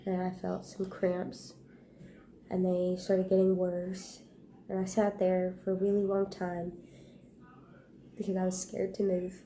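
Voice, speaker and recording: A woman vlogger speaks slowly and hesitantly, her voice low and gravelly with a warm, dark tone. She tells a personal story in a flat, subdued delivery, breaking off and restarting her sentences. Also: slight background noise. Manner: halting, hushed retelling with pauses and restarts.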